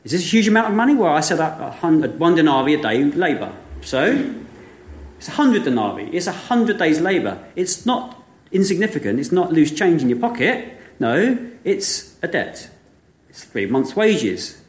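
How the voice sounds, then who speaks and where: Male preacher, slightly high voice, lively storyteller full of rhetorical questions; echoey room. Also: measured pace. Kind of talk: sermon.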